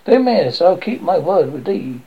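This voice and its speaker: A man's voice: sits high, sing-song, measured pace, creaky, muffled recording, exaggerated voice. Demetrius: proud young rival, read by a man. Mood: challenging.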